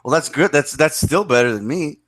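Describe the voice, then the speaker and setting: A man's voice: on the high side, lively intonation, a little fast, a bit bright, dry recording. A man in a casual chat, explaining his views at length and repeating himself. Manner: lecturing, repetitive explaining. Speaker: podcast co-host.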